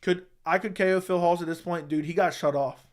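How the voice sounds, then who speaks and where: High-voiced man trash-talking on a livestream. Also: steady tone, a little fast. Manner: crude mocking trash talk; laughs often. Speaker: livestream host. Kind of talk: casual livestream chat.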